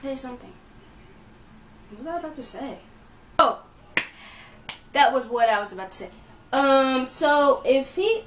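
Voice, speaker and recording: A woman's voice: fairly high pitch, a little hiss or hum. A woman hosting a reaction video, making blunt, chatty remarks over a clip she is watching. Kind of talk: casual reaction commentary. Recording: echoey room with loud music behind.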